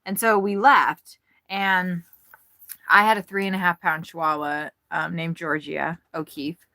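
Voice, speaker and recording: A woman's voice: lowish voice, steady tone, measured pace, sharp tone, no room sound. A woman chatting casually on a livestream, joking around and laughing often. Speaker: livestream host.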